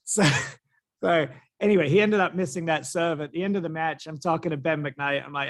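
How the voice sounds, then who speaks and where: A man hosting a sports podcast, talking in a fairly high voice. He tells loose, profane stories and laughs along with his co-hosts in a relaxed, casual chat. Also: a little fast. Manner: swearing, storytelling, laughing along. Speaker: podcast host.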